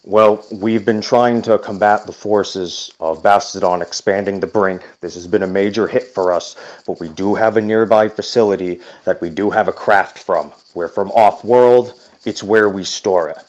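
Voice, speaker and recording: A man playing a soft-spoken ghoul hitman. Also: fairly low pitch, highs cut off, lightly acted. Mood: persuasive. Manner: soft, deliberate, trying to sound nice. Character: ghoulish male ex-assassin, forcing a polite voice.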